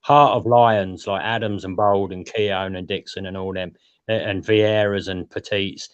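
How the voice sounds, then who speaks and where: A man's voice: sits low, fairly even intonation, unhurried, clean tone, no echo. Blunt man on a dull lo-fi line. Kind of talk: casual chat.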